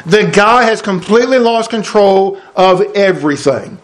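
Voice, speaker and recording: A man's voice: high voice, animated, normal speed. A man preaching an expository sermon, emphatic and repeating key phrases for effect.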